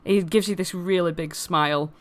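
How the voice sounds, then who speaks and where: Narrating a tabletop game, this game master describes scenes loosely and rambles through plenty of fillers. She speaks at normal speed in a lowish voice whose intonation stays fairly even.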